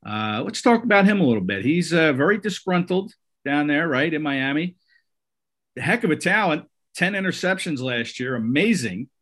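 A man's voice: fairly high pitch, expressive, moderate pace, a bit bright. A man hosting a casual sports talk show, conversational, with many fillers and restarts. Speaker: sports podcast host.

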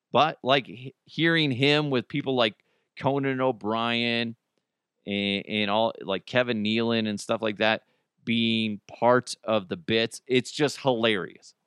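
A man's voice: medium pitch, fairly bright tone, clean tone, no room sound, clean studio sound. A man hosting a radio show, chatting casually with rambling jokes and self-corrections. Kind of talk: casual on-air chat.

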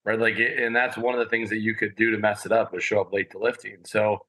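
A man with a lowish, bright and forceful voice tells long stories as a podcast guest. He rambles, piles on fillers and gets animated. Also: fast talker, rough recording. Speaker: podcast guest, former college walk-on athlete. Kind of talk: casual storytelling.

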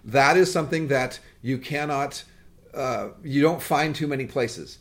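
A man's voice: medium pitch, unhurried. A man hosting a podcast, telling stories in a rambling, jokey, casual way. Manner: animated, rambling, jokey storytelling. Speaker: podcast host.

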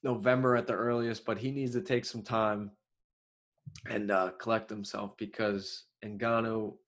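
Excitable Long Island man talking fights. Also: lowish voice, unhurried. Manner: excitable, animated outbursts, loose fillers. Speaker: MMA show host. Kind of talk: solo commentary.

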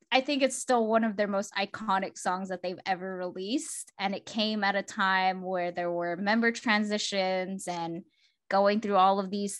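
A bright, forceful young woman co-hosting a casual podcast chat. She talks with eager enthusiasm, a little higher than most, with plenty of fillers and restarts. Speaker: podcast co-host.

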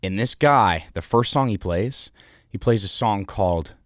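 A man guesting on a podcast, telling rambling, animated anecdotes with plenty of fillers and the odd swear. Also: fairly low pitch, a little slow, no room sound, clean studio sound. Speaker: guest, founder of an artist house. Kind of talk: casual storytelling in an interview.

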